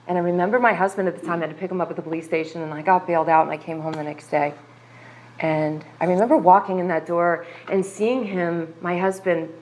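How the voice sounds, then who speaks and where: A woman in her thirties from the US sharing an earnest, confessional personal testimony at a recovery meeting, emphatic and full of asides like "like" and "right". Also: on the low side.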